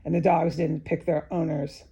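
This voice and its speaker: A woman's voice: low voice, flat delivery, normal speed, vocal fry, warm tone, husky, lo-fi sound. A woman alone in a room, talking in an agitated, profane, repetitive monologue with many restarts. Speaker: vlogger giving testimony. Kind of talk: unscripted emotional monologue to camera.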